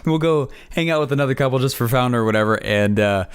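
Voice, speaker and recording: A man's voice: medium pitch, fast talker, smooth. A man hosting a podcast, telling stories in a rambling, opinionated, casual way. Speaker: podcast host.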